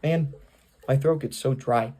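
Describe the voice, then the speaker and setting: A young man with vocal fry, rambling self-consciously with lots of fillers as he records a casual home video, reading aloud for his family on the camera's built-in mic. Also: medium pitch, measured pace, dark tone. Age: young adult. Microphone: camera's built-in mic, no external microphone.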